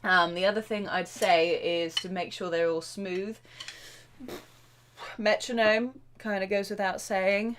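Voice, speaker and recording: A woman drum teacher hosting a live question-and-answer stream, chatty and excitable, with lots of fillers and self-interruptions. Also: medium pitch, a little slow, slight background noise.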